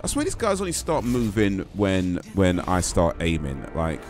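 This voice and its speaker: A man's voice: sits low, huge pitch swings, moderate pace, darkish tone, soft background music. A man streaming a game, chatting in a laid-back way with viewers and swearing mildly. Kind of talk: casual live-stream commentary.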